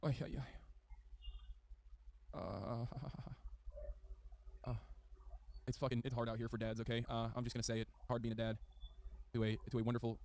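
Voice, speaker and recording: A man's voice: mid-range voice, flat delivery, moderate pace, vocal fry, long pauses, darkish tone. A man streaming a reaction, reading an article aloud and breaking off with exasperated, profane commentary.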